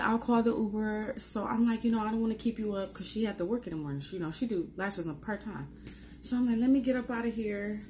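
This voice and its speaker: A young woman with a New York accent telling a casual storytime vlog, acting out her own reactions with squeals and talking in slangy, quick bursts. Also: lowish voice, a little mellow, a little hiss or hum. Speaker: vlogger.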